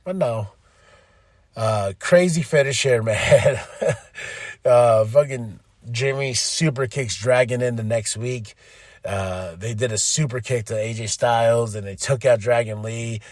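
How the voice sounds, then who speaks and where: A man hosting a casual solo podcast recap. He is excitable and animated, swears freely, laughs often and mimics the people he talks about. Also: mid-range voice, unhurried, no echo. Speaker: podcast host.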